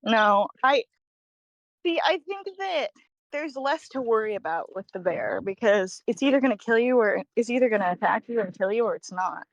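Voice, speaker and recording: A woman's voice: fairly high pitch, lively intonation, moderate pace, dry recording, highs cut off. Dry-joking woman guest in a chat. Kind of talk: casual chat.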